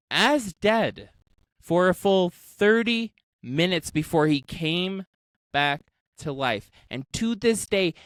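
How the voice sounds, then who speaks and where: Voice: mid-range voice, fairly bright tone, no echo. A podcast host retelling a story in casual chat, laughing often, swearing freely and acting out the quoted voices.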